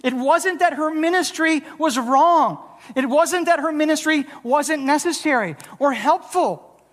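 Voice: high voice, measured pace. A preacher delivering a sermon in an earnest way, often stammering and restarting phrases and acting out the lines it quotes. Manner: acts out quoted lines in a changed voice. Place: church sanctuary. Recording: long hall reverb.

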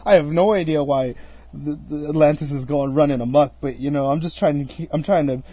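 A young man giving a casual, rambling spoken review of a video game, full of fillers and restarts, acting out scenes in quick asides. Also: fairly high pitch, dark tone, slightly rough, no room sound.

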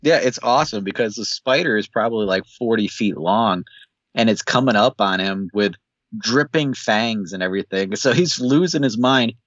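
Man, easygoing podcast co-host, lower voice, dry lo-fi recording. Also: expressive, moderate pace, fairly bright tone, dry recording. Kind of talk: casual chat. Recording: dull, dry lo-fi mic.

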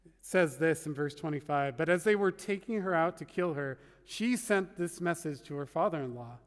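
A man's voice: a little high, animated, moderate pace. A man preaching a sermon as pastor in a conversational, wry way, full of asides. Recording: long reverb of a large hall.

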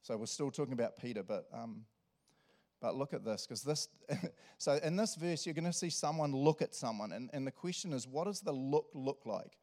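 A man's voice: medium pitch, normal speed. A pastor preaches with lots of energy. He often breaks into chuckles and plays out the scenes he's describing. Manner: animated, laughs often, acts out quotes. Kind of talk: sermon.

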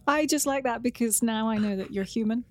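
A woman's voice: a little high, fairly quick. A woman co-hosting a casual chat, teasing her partner with playful banter. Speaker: podcast co-host. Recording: loud background hiss.

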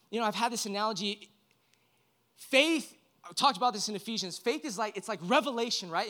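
A man preaching an earnest, emotional sermon to a room, often repeating himself and swinging between loud and quiet. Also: high-pitched. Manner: earnest, emotional, varies loudness widely, repeats words. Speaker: pastor. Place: room with an audience.

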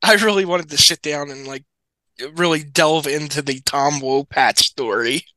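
A man with a bright, forceful voice trading wry stories on a podcast. He rambles through fillers and restarts. The sound is dry and close to the mic. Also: fairly high pitch, moderate pace, dry recording. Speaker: podcast co-host. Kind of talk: casual storytelling chat.

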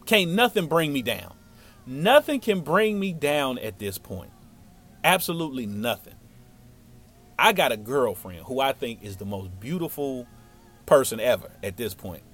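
Animated slangy man telling a story. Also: medium pitch, a little slow, soft background music. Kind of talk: casual spoken storytelling.

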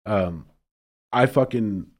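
A young man co-hosts a podcast, chatting casually in a lowish, slow voice. He's laid-back and profane, laughing often as he tells stories.

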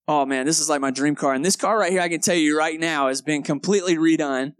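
A young man preaching with a light Texan accent, telling his story with animated energy and poking fun at himself. His voice sits a bit high for a man and comes through a close, dry mic. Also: fast talker, clear, resonant tone, dry recording. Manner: animated storyteller, acts out moments, laughs at himself. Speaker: pastor. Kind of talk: sermon with personal story. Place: church sanctuary.

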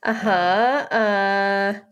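A woman's voice: mid-range voice, steady tone, drawn-out words, fairly bright tone, clear, resonant tone. Chatty woman player explaining rules. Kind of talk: tabletop game play.

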